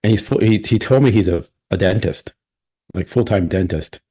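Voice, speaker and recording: A man's voice: fairly low pitch, normal speed, dark tone. A man hosting a live stream, chatting casually and rambling with plenty of restarts and opinions.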